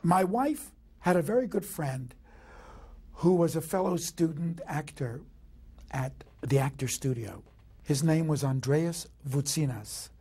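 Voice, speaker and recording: Very husky, dark-voiced man. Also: a little high, animated, a little slow. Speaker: director. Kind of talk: interview recollection.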